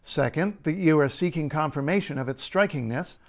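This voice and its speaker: A man, a linguist, reading a scripted explainer in a measured, playful way. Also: on the high side. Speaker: linguist and writer.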